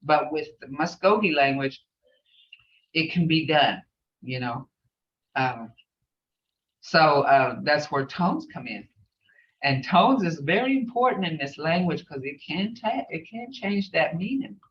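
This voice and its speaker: A woman's voice: sits low, lively intonation, a little slow, long pauses, distant mic, lo-fi sound. A woman teaching a language class online, rambling with many fillers and repeating phrases.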